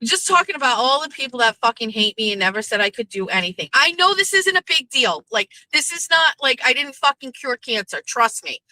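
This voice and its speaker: A woman's voice: high voice, animated, bright, forceful tone, no echo, low-quality recording. A woman, hosting her show and telling a casual, profane story, quoting the people in it. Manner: chatty and profane, quoting others in quick back-and-forth. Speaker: host.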